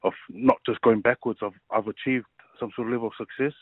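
A man in his thirties, a rugby league player, telling his personal story in a casual interview, halting and full of fillers. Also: medium pitch, fairly even intonation, husky, dry recording. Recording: tinny phone-like line.

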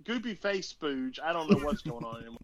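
A man co-hosting a podcast, mocking his friends loudly in casual chat over a voice call. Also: a little high, very animated, fairly quick, a loud crowd. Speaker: podcast co-host.

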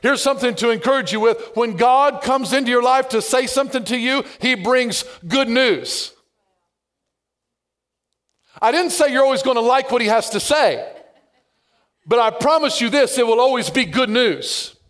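A male pastor preaching a sermon, stressing phrases by slowing down and adding playful asides. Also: very high-pitched, a bit bright.

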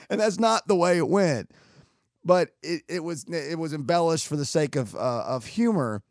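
A man's voice: on the high side, dry recording, clean studio sound. A young adult man casually telling a personal story in a rambling, self-mocking way, full of restarts. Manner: animated, self-mocking, acts out quoted dialogue; rambling with frequent restarts and fillers.

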